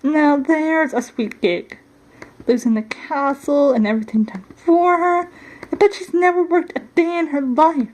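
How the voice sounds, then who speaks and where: A fed-up young pop star in a homemade doll storybook, as a woman reads her part. She talks emphatically with an exasperated edge. The voice sits high and light. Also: a little slow, darkish tone, poor audio. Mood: wistful. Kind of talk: storybook doll play reading.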